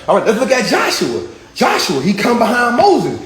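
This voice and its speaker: A high-voiced man preaching in casual slang, his pitch swinging widely as he repeats phrases for emphasis. The room is echoey, with a faint ambient hum behind him. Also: normal speed. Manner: animated, repetitive, slangy and conversational. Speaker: vlogger preaching. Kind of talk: casual street-style sermon.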